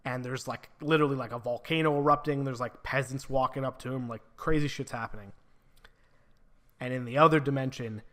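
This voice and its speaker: A man's voice: mid-range voice, a bit bright. Male book reviewer, mid-range voice, casual and profane, heavy on filler words. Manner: casual, swears freely, many filler "like"s.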